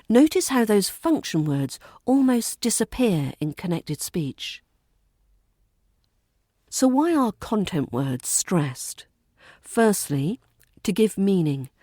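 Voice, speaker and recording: A woman with a British RP accent, teaching a pronunciation lesson and modelling example sentences slowly and deliberately. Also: medium pitch, dark tone, no echo, studio quality. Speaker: accent coach.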